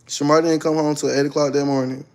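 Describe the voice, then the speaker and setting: Guy on a live stream spilling his story, dramatic and loud at times, kinda high voice. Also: quick pace. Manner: animated, dramatic, loud outbursts. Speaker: livestreamer. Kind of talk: livestream storytelling to viewers.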